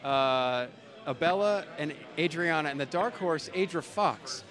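A podcast host with a somewhat high, animated, fairly bright voice takes an unhurried pace while interviewing guests at an expo. The casual interview chat is loose and jokey, and he often restarts his sentences.

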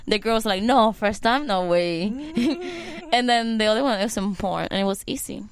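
Woman guest, kinda high voice, blunt and giggly, broken-ish english. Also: animated, moderate pace. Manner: blunt, giggly, non-native grammar. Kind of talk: casual chat.

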